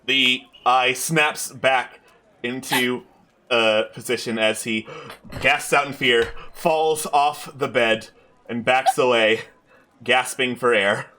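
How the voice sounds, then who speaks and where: Male tabletop GM, slow and clipped narration. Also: medium pitch, sharp tone. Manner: terse, deliberate scene narration. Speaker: game master.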